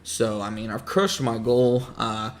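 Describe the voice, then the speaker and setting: A man hosting a casual livestream, hoarse as he loses his voice, rambling and repeating himself while greeting chat viewers. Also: fairly low pitch, fairly even intonation, measured pace. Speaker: livestream host talking trading.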